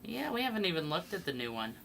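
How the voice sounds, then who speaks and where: A woman's voice: lowish voice, very animated, fast talker, gravelly, fairly bright tone, slight background noise. A woman streaming while painting miniatures, chatting casually and rambling with fillers. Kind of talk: casual chat.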